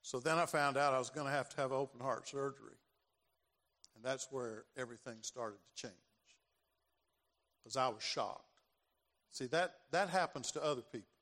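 A man's voice: mid-range voice, normal speed, long pauses, fairly bright tone. An older man preaching a sermon as pastor, dramatic and given to repeating his phrases. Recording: long reverb of a large hall.

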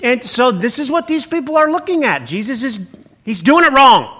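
A pastor preaching a sermon in an animated, conversational way, breaking in with exclamations as he reads and explains the text. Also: very high-pitched, normal speed, husky.

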